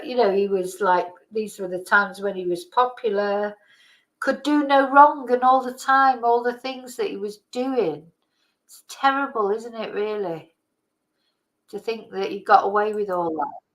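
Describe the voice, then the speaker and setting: A woman's voice: medium pitch, a little slow, rough recording. Chatty woman rambling casually. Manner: chatty, rambling, exclaiming in disgust. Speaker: channel host. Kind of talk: casual chat reacting to old videos.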